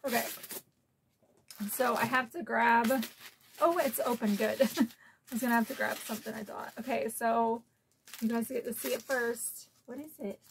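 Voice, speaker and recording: A collector vlogger from Florida, USA, opens gifts in an unboxing video, gushing, emotional, and easily moved to tears. Her voice is on the high side at a normal speed, with frequent pauses and a little hiss or hum.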